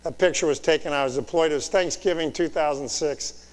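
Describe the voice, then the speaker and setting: A man's voice: fairly high pitch, a little fast. A man in his fifties, a military commander, giving a direct motivational leadership talk to officer students, asking rhetorical questions and checking "Okay?". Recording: long reverb in a large hall.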